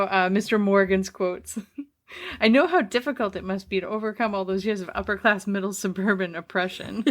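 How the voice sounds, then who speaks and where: A woman co-hosting a podcast, reading quotes in casual chat and laughing between them. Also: mid-range voice. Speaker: podcast co-host.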